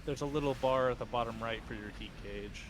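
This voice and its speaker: A man's voice: mid-range voice, fairly quick, background noise. A man leading a game raid over voice chat, explaining tactics step by step with many uhs and ums. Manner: instructive, with frequent uh and um. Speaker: raid leader.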